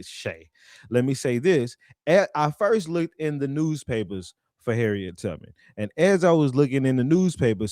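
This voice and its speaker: Give me a man with a slightly high voice, talking casually and profanely about history, recorded dry. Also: no echo. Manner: rambling, profane, chuckling asides. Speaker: history commentator. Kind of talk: casual talk over documents. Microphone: own microphone.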